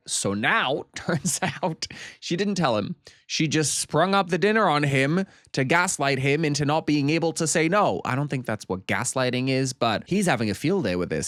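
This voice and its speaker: A man recaps a comedy film in a casual, animated way, often laughing and swearing freely. His pitch sits mid-range, and the recording is dry with no room sound. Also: normal speed, no room sound. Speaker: movie reviewer.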